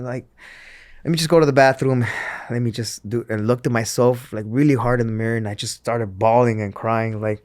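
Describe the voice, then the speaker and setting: A man's voice: mid-range voice, steady tone, brisk, no room sound, clean studio sound. A man in his thirties, a former wrestler and interview guest, telling his story candidly with many fillers, restarts and acted-out quotes.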